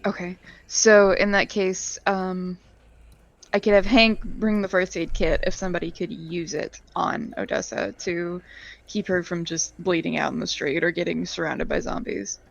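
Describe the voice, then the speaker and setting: A woman with a lowish, gravelly voice plays a tabletop game on a video call. She thinks aloud, stopping on fillers as she plans, and her dull lo-fi call audio sounds muffled. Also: steady tone, normal speed. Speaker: player.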